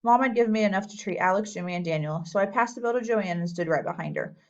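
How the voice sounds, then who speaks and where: A woman narrating a children's novel aloud as an audiobook reader, in a lively storytelling way. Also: mid-range voice, fast, highs cut off. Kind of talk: scripted narration.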